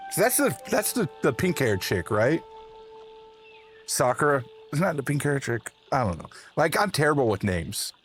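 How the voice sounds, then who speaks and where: A man hosting a live gaming stream, chatting casually with viewers and laughing at himself in a playful, animated way. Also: mid-range voice, normal speed, slightly rough, faint music behind. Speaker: livestream host. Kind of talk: casual chat while gaming.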